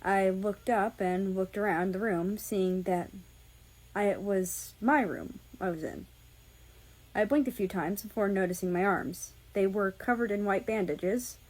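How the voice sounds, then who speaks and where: A woman reading a first-person fan fiction story aloud, calm and measured. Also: medium pitch, rough recording. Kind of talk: first-person audiobook narration.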